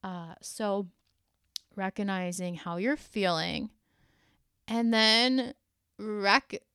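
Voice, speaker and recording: A woman's voice: mid-range voice, extremely slow, fairly bright tone, clear, resonant tone, no echo, clean studio sound. A woman hosting a solo motivational podcast, talking in an earnest, heartfelt way with casual fillers. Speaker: podcast host.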